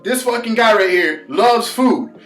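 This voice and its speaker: Faint music plays behind a high-voiced, lively sports vlogger in an echoey room. His heated solo football rant is full of constant swearing and insults, fast and forceful, with points hammered through repetition.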